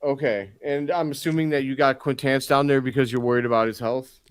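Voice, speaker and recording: A man's voice: mid-range voice, steady tone, a little fast, smooth, no echo. A man from the United States hosting a casual podcast roundtable, rambling and restarting his sentences. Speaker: podcast host.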